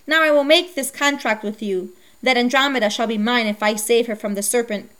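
A woman's voice: on the high side, brisk, a bit bright, lightly acted. A woman reading the lines of a proud young hero in a storybook, speaking in a stern, formal, old-fashioned way.

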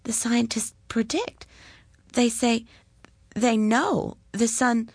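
A small, lonely girl from a storybook, speaking in a soft, pleading hush, as a woman reading aloud puts her on. Her voice sits a little higher than an adult's and stays gentle and quiet. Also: slow pace, husky, no echo, clean studio sound, heavily acted.

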